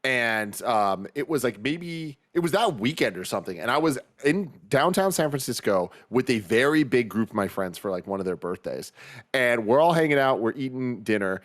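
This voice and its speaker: A man in his thirties, co-hosting a podcast in casual chat, telling a story and acting out the dialogue with big leaps in his voice. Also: normal speed. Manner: animated, acts out dialogue with big pitch jumps. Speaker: podcast co-host.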